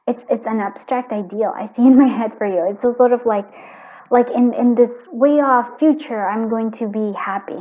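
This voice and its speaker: Chatty woman reading tarot, tinny sound. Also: a little high. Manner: chatty and earnest, thinking aloud with many restarts. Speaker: tarot card reader. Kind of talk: casual spiritual tarot reading.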